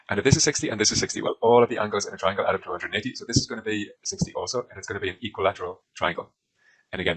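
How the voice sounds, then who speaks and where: This rough recording captures a British man with a fairly low, slightly bright voice. He's tutoring through a maths exam question, sketching a diagram and using lots of filler words.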